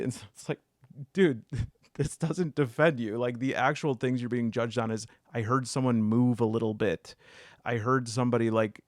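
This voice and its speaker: Male solo storyteller, middle pitch, dry booth-like sound, animated and jokey. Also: normal speed, no echo. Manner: animated, jumps into high excited pitch when riled up; jokey asides, many fillers. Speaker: solo video essayist. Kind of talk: casual storytelling monologue.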